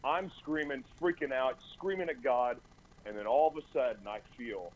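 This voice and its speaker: A man's voice: medium pitch, moderate pace, slight background noise, rough recording. A man as a radio talk show guest, giving an earnest, intense personal testimony in a studio, often stumbling over and repeating his words. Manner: earnest, intense storytelling with stammered restarts.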